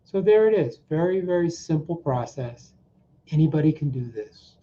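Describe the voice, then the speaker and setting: Leading a tapping routine, a male mindset coach sounds mellow and animated, his voice a little high and his pace moderate. He repeats brief phrases as he demonstrates and keeps asking "okay?" on a dull recording with faint noise.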